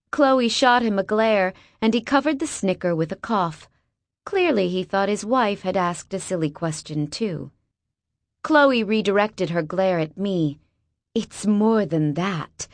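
A woman's voice: mid-range voice, no room sound. A woman narrating a first-person novel with wry, sarcastic asides, on a close mic. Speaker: audiobook narrator.

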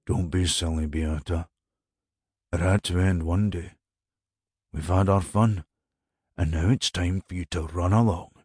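A man's voice: low-pitched, steady tone, measured pace, pauses often, darkish tone, slightly rough, no room sound, studio quality. A man playing a cruel middle-aged married man who dumps his mistress, simpering and condescending, then coarse and sneering.

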